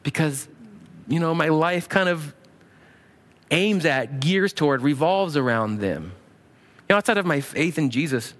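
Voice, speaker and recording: A man preaching a sermon as a pastor, animated and acting out quoted prayers in a raised voice. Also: fairly high pitch.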